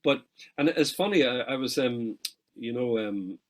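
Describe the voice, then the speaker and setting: A middle-aged Irish man, a guest musician in an interview, telling lively anecdotes with quick asides and casual swearing. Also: medium pitch, rough recording.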